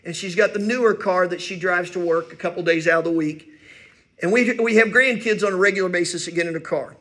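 An older male pastor with a notably high voice delivers a sermon in a roomy, echoing church. He preaches in a folksy, self-deprecating way, leaning on stories from home. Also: fairly quick, fairly bright tone. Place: church sanctuary.

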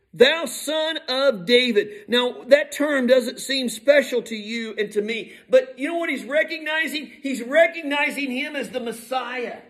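Male preacher, high voice, emphatic sermon delivery, soft to shouting. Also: low-quality recording.

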